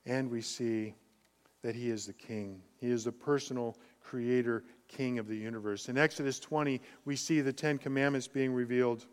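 A man preaching a sermon as pastor, emphatic, swinging between quiet and loud passages. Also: medium pitch, steady tone, normal speed, in a large hall.

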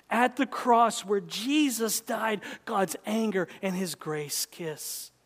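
A male preacher delivering an impassioned sermon, swinging from loud urgency to hushed intensity. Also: high-pitched, big-room sound.

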